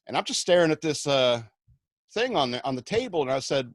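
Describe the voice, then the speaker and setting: A man's voice: mid-range voice, big pitch swings, moderate pace, dry recording. Man telling rambling comic stories. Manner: rambling, self-mocking anecdotes with acted-out quotes. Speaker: radio show host. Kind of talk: comic storytelling.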